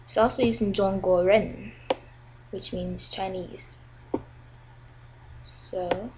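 A young woman talks through a homemade lesson at an unhurried pace, carefully drawing out each example sound. Her voice sits at a middling pitch. A faint noise hangs in the background of the recording. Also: steady tone, a little mellow, rough recording. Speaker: language teacher. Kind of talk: casual video lesson.

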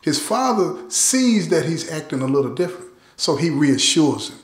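A man's voice: on the high side, sing-song, normal speed, few pauses. A man casually telling a true-crime story, talking straight to his listeners. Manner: conversational, addresses listeners directly. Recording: roomy echo.

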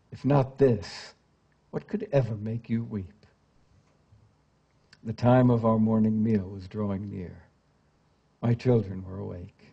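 An older American man reading verse translations aloud in a grave, measured way that sinks to a hush, then chatting with the audience with many fillers. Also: medium pitch, husky. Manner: chatty and hesitant with many fillers when speaking off the page. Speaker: literary translator giving a public reading. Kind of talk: poetry reading and audience talk. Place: public lecture event before an audience.

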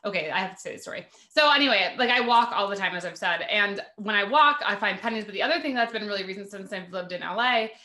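A woman's voice: medium pitch, expressive, fast, few pauses, sharp tone, roomy sound. A woman hosting a podcast, chatting casually about spirituality, with lots of "like" fillers. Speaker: podcast host.

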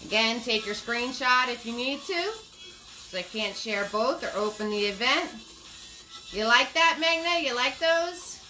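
A woman hosts a live painting class, unhurried and chatty, with a bright, forceful voice pitched a little high. She repeats her cue words in a playful, sing-song way as she guides each step. Soft music plays faintly behind her. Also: low-quality recording. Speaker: paint party instructor.

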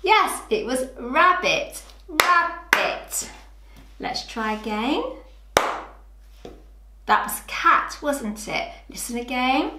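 A woman teaching young children, speaking slowly and clearly and drawing out rhyming words in a sing-song way. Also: high voice, animated, reverberant, very noisy. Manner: slow, clear and exaggerated, stretching rhyming words. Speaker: preschool teacher.

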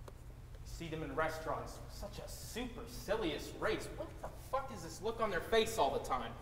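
A man plays a bitter, foul-mouthed salesman ranting with scorn. His slightly high voice sounds roomy and echoing, with long hall reverb and faint noise. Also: sing-song, normal speed, fairly bright tone. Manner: coarse, swearing rant. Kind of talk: live stage acting.

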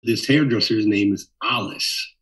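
A middle-aged man from Minnesota, a bassist telling stories in an interview with lively animation. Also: measured pace, distant mic, poor audio. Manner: animated storyteller, acts out voices in quotes. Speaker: bassist guest. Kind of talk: storytelling interview.

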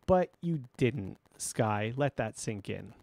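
A man voicing a resentful grown daughter who speaks coldly and accusingly, pitching his voice up a little. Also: animated, slow pace, gravelly, a little mellow, no room sound. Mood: bitter. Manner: cold, accusing, voice rising. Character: bitter, resentful adult daughter, a woman.

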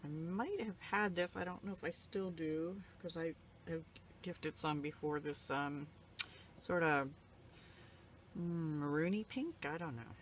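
A woman's voice: low voice, unhurried, slight background noise. A woman, older, casually showing off craft supplies she got in the mail, rambling and gushing, emotional and close to tears at times. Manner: rambling, soft-spoken, emotional, near tears. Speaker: crafting vlogger. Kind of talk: casual show-and-tell.

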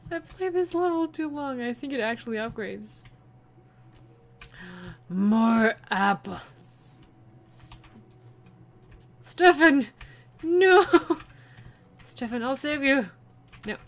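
Playing a video game, this woman keeps up a light, talkative commentary punctuated by abrupt, shrill squeals of delight. Her delivery is slow, with long pauses.

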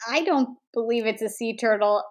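A woman's voice: fairly high pitch, moderate pace. A woman co-hosting a casual podcast, joking and playful in her asides. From Vermont. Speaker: podcast co-host. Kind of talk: casual chat.

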